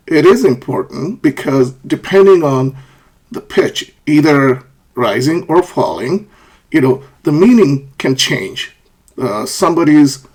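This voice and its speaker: A man with a slightly raised, husky voice teaching an English lesson. He walks through example questions and statements, repeating each one so the rise and fall of his pitch is easy to hear. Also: darkish tone. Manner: demonstrates rising and falling pitch, repeats example sentences. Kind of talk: pronunciation lesson.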